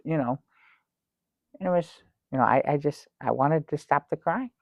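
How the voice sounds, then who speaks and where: A man playing an excitable talk show guest in an improvised comedy sketch, rambling and halting, breaking into theatrical exclamations. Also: fairly high pitch, creaky, dry recording, muffled recording. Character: fussy excitable man telling a travel story. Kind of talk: improvised comic storytelling.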